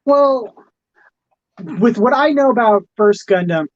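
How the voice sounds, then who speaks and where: A man co-hosting a casual review chat, calmly explaining the plot. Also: extremely high pitch, slow, no echo. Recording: dry, dull lo-fi sound.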